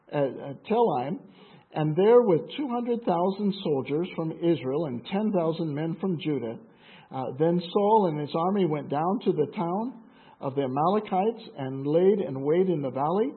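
Husky guy reading the bible and chatting about it, kinda high voice, tinny phone-line sound. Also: expressive, unhurried. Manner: conversational asides, frequent fillers and restarts. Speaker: Bible teacher. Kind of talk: reading scripture with commentary.

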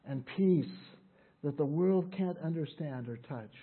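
An older man preaching a sermon as a pastor, telling personal stories in an earnest, halting way with many restarts. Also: on the high side, breathy edge. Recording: tinny phone-like sound.

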